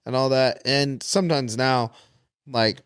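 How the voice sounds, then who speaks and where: A man's voice: measured pace, fairly bright tone, smooth, dry recording, clean studio sound. A man who is a podcast guest, chatting casually and with plenty of swearing, joking, and acting out people he meets in a raised voice. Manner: joking, profane, acts out quoted fans in a high voice. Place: podcast studio.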